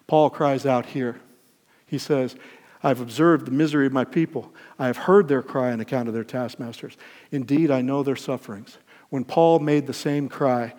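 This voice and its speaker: An older man preaching a sermon, emphatic, swinging from loud peaks to soft lines and asking the congregation questions. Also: mid-range voice. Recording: long hall reverb.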